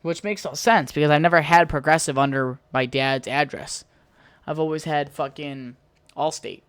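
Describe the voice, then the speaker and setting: A podcast host from the United States rants on their own show, heated and full of swearing. The voice sits at a middling pitch and is recorded dry and close, with no room sound. The talk runs as one long, angry monologue. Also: normal speed, fairly bright tone, clear, resonant tone, dry recording. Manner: profane, heated ranting. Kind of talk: solo podcast rant.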